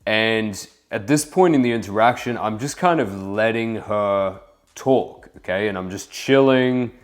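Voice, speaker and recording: A young man giving a relaxed, casual voice-over about dating, full of fillers like "kind of". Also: fairly low pitch, measured pace. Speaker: dating coach. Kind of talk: voice-over commentary on infield footage.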